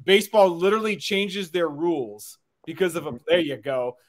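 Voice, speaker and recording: A male host on a live video call with a high voice, asking eager, casual questions. He chuckles along and often trips over repeated words as he gets going. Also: expressive, normal speed.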